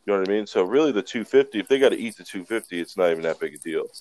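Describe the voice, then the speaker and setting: A man's voice: fairly low pitch, animated, very fast, a little mellow. A man in his twenties, a podcast co-host, telling a rambling, swear-filled story in casual chat.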